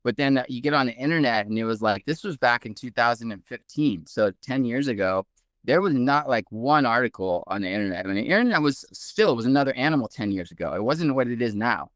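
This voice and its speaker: Smooth-voiced man telling a story. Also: medium pitch, fast, dry recording, studio quality. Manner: animated, heavy use of "like". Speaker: guest researcher. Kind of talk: casual storytelling.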